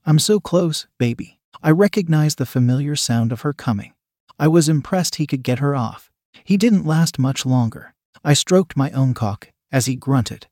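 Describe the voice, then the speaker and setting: A man's voice: medium pitch, expressive, normal speed, a little mellow, dry recording, clean studio sound. Man narrating a first-person story.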